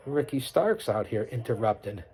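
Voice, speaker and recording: Very animated, a middle-aged man with a medium-pitched, slightly mellow voice hosts his own wrestling watch-along podcast at a moderate pace. His unscripted commentary is boastful and preachy, and he repeats himself while listing things off.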